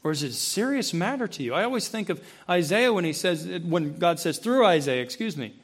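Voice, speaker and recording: A man preaching a sermon to his congregation, asking them questions and acting out voices, swinging between loud, high emphasis and low, quiet intensity. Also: lively intonation, fairly quick, hardly any pauses, breathy edge. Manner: acts out quoted voices and asks the congregation questions. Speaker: pastor. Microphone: handheld or stand mic, close.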